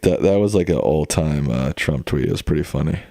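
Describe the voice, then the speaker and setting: With a rumbling low, gravelly, warm voice, a young adult man talks a little fast while streaming. His casual chat with viewers rambles along in a laid-back way, packed with fillers and restarts, and there's no echo.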